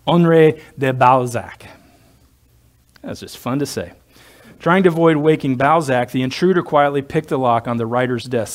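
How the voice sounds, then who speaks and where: A male pastor preaching a sermon in a conversational, digressive way, with joking asides to his congregation. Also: mid-range voice.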